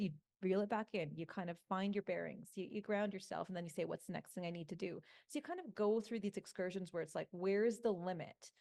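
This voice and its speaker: A woman panelist calmly telling stories from her analog astronaut missions. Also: medium pitch. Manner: reflective storytelling. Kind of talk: panel talk.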